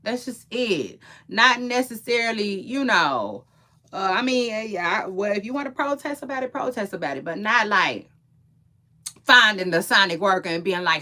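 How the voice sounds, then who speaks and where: A young adult woman who does gossip and entertainment commentary chats casually to viewers in AAVE, opinionated and rambling, often repeating words and trailing off mid-thought. Her mid-range voice is bright and forceful, with big pitch swings at a normal speed.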